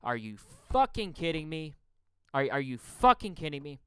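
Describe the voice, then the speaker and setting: A man from Canada hosting a podcast, ranting angrily about politics. He swears a lot, stammers and repeats words, and swings between loud outbursts and muttering. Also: on the high side, sing-song, normal speed, clean tone, no echo. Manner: profane, stammering, repeats words when heated. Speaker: podcast host. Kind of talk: angry political rant.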